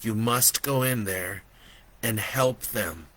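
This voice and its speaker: A man voicing an urgent, ghostly little boy who speaks with slow, solemn insistence. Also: fairly low pitch, a bit bright. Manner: pleading, commanding, slow and emphatic.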